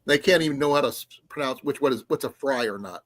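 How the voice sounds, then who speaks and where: A man's voice: medium pitch, fast talker, a bit bright, no room sound. A man co-hosting a casual podcast chat, rambling and laughing often. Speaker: co-host.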